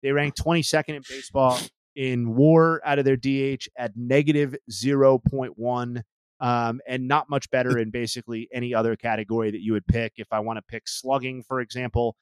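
Relaxed man hosting a sports podcast. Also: medium pitch, a little fast, clean tone, no echo. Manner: conversational, lots of ums, dry humor. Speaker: podcast host. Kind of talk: casual sports chat.

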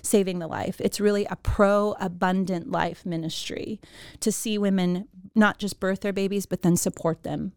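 A woman's voice: mid-range voice, normal speed, no room sound, clean studio sound. Earnest woman telling her life story. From Oregon. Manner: earnest, emotional, animated storytelling. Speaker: executive director of a pregnancy center. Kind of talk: personal storytelling in an interview.

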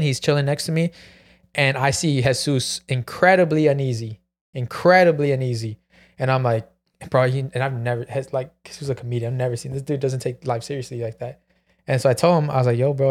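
A man telling a long story in casual podcast chat, full of "like" and "bro". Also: mid-range voice. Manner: rambling, peppered with "like" and "bro". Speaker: podcast co-host.

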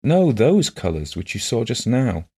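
A man reading the part of a gentle, shy blind woman who talks softly and earnestly in simple phrases. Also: medium pitch, very animated, unhurried, slightly rough, voice pushed up, heavily acted.

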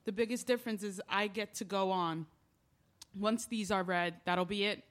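A woman's voice: medium pitch, steady tone, moderate pace. Woman delivering a confiding stage monologue. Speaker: lead character in a stage play.

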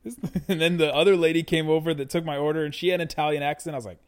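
A man hosting a casual sports podcast, chatty and laughing often as he tells animated anecdotes. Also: fairly high pitch, rapid-fire, clear, resonant tone. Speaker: podcast host. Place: Dallas area.

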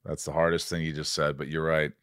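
A man hosting a casual podcast chat, talking bluntly and excitably with plenty of swearing. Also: extremely low pitch, fast talker, clean tone, no echo, studio quality. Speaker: podcast host.

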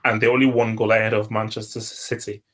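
A man co-hosting a casual football podcast, insistent and quick to repeat himself. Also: lowish voice, little pitch movement, fairly bright tone. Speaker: podcast co-host.

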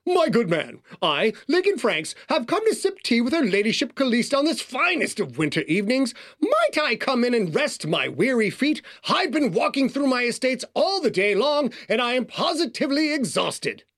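A man putting on an over-the-top old-money East Coast American accent, playing a grandiose, pompous gentleman. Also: extremely high pitch, very animated, moderate pace, hardly any pauses, pitched above the performer's own voice, full character voice. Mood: mock-grand. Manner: grandiose and mocking.

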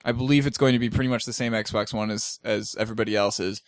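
A man's voice: fairly low pitch, quick pace, dry recording. Man, podcast host, easygoing gaming chat, dry close mic. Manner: relaxed, laughs often, tells stories animatedly.

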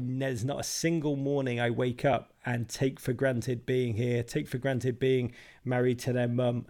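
A man's voice: medium pitch, gravelly. A middle-aged English man, a guest author talking in a casual interview, emphatic and wry.

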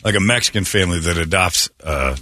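A man's voice: deep voice, expressive, bright, forceful tone, no echo. A man co-hosting a morning radio show, joking and riffing in casual banter. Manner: joking, riffing, quick asides.

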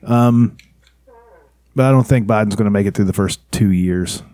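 A man's voice: fairly low pitch, moderate pace, warm tone, dry recording, studio quality. A man co-hosting a casual podcast, profane and teasing in crude banter with friends. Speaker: podcast co-host.

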